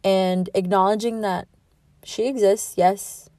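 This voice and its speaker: A woman's voice: mid-range voice, steady tone, slow pace, mellow, no room sound. A woman in her twenties hosting a solo podcast, talking in a candid, rambling, heartfelt way about herself and her feelings. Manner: rambling, heartfelt, self-reflective, with laughs. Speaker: podcast host.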